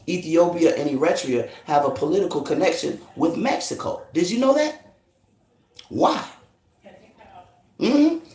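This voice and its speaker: A forceful man lectures and interrogates a group, swearing freely as he teaches. His voice sits high for a man and swings widely up and down. The sound rings around an echoey room. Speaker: street teacher debating a crowd. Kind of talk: confrontational street lecture.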